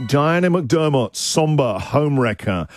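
Jokey radio host over music. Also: male voice, a little high, lively intonation, takes it slowly. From England. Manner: jokey, laughs often. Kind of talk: casual breakfast radio banter.

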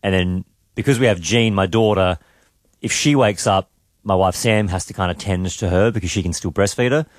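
On his morning radio show, a man tells a family story in casual chat, animatedly quoting his son. His voice sits low at a normal speed, captured on a studio mic with clean sound and no echo.

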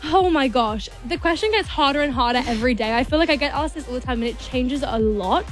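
A teenage girl with an English accent talks as a guest on a radio show. Her voice sits high, and she gushes and rambles with plenty of "like". Faint music plays behind her. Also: expressive, fast. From England. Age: teens. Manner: bubbly, rambling, heavy use of "like". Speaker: guest singer and actor. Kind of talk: casual radio interview chat. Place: radio studio.

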